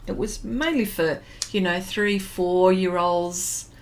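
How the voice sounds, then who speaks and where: Fairly low in pitch and slow, this middle-aged woman's voice comes with slight background noise during her art livestream. She casually rambles and recalls old times while drawing and going through viewer comments, laughing and using many fillers.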